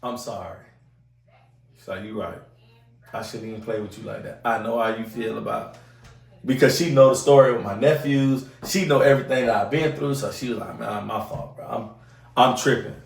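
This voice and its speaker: A man's voice: medium pitch, steady tone, normal speed, vocal fry. A man, the podcast host, telling a long story in casual chat, acting out other people's voices and swearing a lot. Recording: roomy sound from a distant mic.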